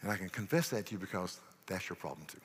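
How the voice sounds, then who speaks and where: A man's voice: low voice, expressive, quick pace, slight background noise. A man preaching a sermon as pastor, earnest, asking rhetorical questions and often restarting his sentences. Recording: long church reverb.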